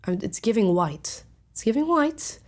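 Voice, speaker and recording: A woman's voice: a little high, sing-song, normal speed, a little mellow. A young woman hosting a reaction video in casual, opinionated commentary, often laughing.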